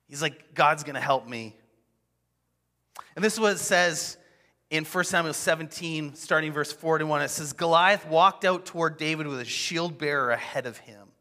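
A man preaching a sermon, telling a scripture story with expressive acted-out quotes. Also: on the high side. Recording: long hall reverb.

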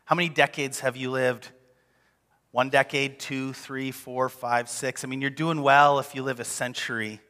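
Bright-voiced pastor preaching in a hall. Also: male voice, mid-range voice, normal speed. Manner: animated, conversational, acts out quotes. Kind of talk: sermon.

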